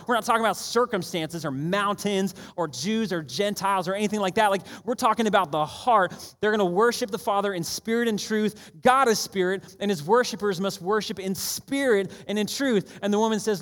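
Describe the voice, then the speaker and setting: A man preaching a sermon in a church auditorium, energetic and conversational, often asking the room if they are ready. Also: high-pitched, brisk, hardly any pauses. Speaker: pastor. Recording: long church hall reverb.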